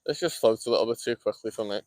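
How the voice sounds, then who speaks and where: A young man with a Scouse accent from Liverpool, chatting quickly to his live-stream viewers while fishing outdoors in the cold and laughing often. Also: lowish voice, no echo. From Liverpool, England. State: cold, shivering. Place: outdoors by a lake.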